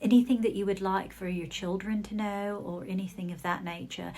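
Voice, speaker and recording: A woman giving a channelled psychic reading, relaying messages in halting bursts with soft murmured asides. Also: mid-range voice, fairly even intonation. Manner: hesitant, relaying what she hears in bursts. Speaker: psychic reader.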